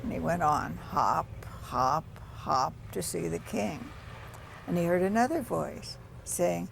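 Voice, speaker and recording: A woman tells a children's folk tale aloud, leaning on rhythmic repeated refrains. Her voice is low with a strong gravelly fry. Faint background noise runs underneath. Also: a little slow. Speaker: storyteller. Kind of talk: oral children's storytelling.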